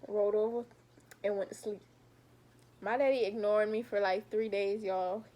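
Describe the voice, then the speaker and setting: A woman's voice: mid-range voice, fairly even intonation, moderate pace, dark tone. A young adult woman vlogging a casual storytime, talking straight to her viewers and animatedly retelling what happened.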